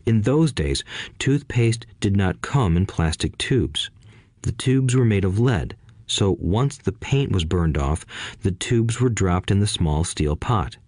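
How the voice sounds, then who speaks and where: Deep-voiced man narrating a memoir. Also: expressive, slow, darkish tone, no echo, studio quality. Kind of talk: first-person audiobook narration.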